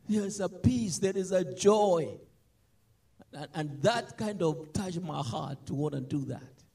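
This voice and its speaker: A man preaching a sermon, animated, swinging between loud emphatic lines and soft asides. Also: high voice, measured pace, gravelly, slightly rough.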